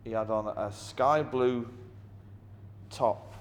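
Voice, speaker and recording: Middle-aged Mancunian musician, blunt and sweary, mid-pitched, recorded with a long reverb tail and faint ambient hiss. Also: male voice, steady tone, slow. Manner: blunt, heavy swearing, wry. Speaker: musician being interviewed. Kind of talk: anecdotal interview storytelling.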